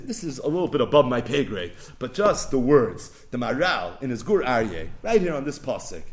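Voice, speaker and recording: A man teaching as a rabbi in a Torah lecture, animated, asking rhetorical questions and answering them, reciting verses slowly. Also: medium pitch. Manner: quotes verses in a slow recitation. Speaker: rabbi teaching a text class.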